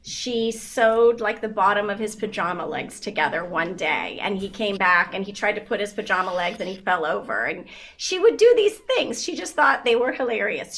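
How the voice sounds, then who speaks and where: A woman in her fifties, appearing as a guest in a casual interview, tells stories animatedly in a mid-range voice, laughing often and using lots of fillers.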